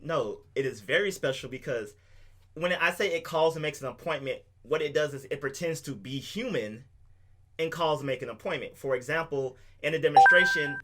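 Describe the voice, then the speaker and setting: A man's voice: medium pitch, a bit bright. A man co-hosting a podcast, explaining things at length with enthusiasm in a casual chat. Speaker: podcast co-host.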